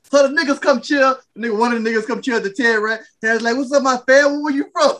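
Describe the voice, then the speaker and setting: A man hosting a casual podcast, telling a rowdy story with loud animated bursts and laughter. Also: extremely high pitch, quick pace, slight background noise. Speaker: podcast host.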